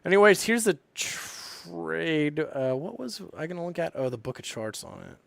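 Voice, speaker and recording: A man's voice: a little high, sing-song, measured pace, creaky, no echo. A young man live streaming about trading, talking casually and rambling with lots of swearing and fillers. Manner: profane, rambling, frequent fillers.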